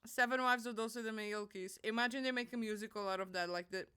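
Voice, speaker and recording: Bright, crisp-voiced young woman streamer. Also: on the high side, fairly even intonation, quick pace. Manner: chatty and rambling, talks to chat. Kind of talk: casual live-stream chat.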